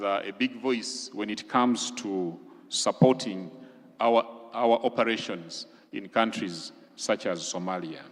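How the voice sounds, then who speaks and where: A man with a lowish voice gives a formal presentation in a large conference hall, where a long reverb trails after each phrase. He is from Uganda and speaks deliberately, walking listeners through one item after another. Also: fairly bright tone. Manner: measured, explanatory, lists items deliberately. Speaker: government official briefing legislators.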